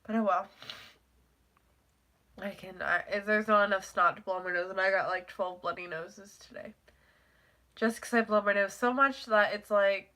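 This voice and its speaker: Teen girl, stuffy congested nose, bright voice, rambling live stream chat, casual swearing. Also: mid-range voice, steady tone, normal speed, pauses often.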